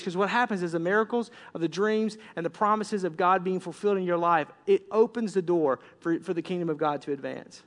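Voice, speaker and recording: High-voiced preaching man in a reverberant hall. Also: brisk. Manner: animated preaching, swings from loud to hushed. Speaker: pastor. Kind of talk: sermon. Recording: long reverb of a large hall.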